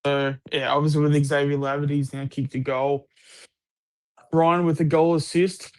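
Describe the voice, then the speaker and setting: A man's voice: fairly high pitch, little pitch movement, moderate pace. Aussie guy co-hosting a stream, chatty and rambly, keeps restarting sentences, swears a bit. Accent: Australian. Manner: rambling, full of fillers and restarts, casual swearing. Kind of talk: casual sports chat.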